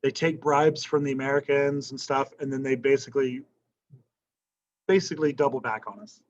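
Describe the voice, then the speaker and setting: A man teaches a history class in a loose, conversational lecture. He keeps tossing questions to the room and tagging his points with "right?". His voice sits at an ordinary male pitch, and the classroom recording sounds slightly dull and lo-fi. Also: fairly even intonation, normal speed.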